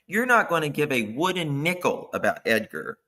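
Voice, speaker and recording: A man hosting a livestream, chatting casually, thanking viewers by name and commenting with animated asides. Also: fairly high pitch, normal speed. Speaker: livestream host. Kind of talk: casual true-crime commentary chat.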